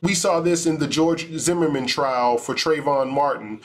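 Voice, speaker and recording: Measured man explaining the law. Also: on the high side. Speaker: attorney. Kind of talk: legal commentary reacting to video.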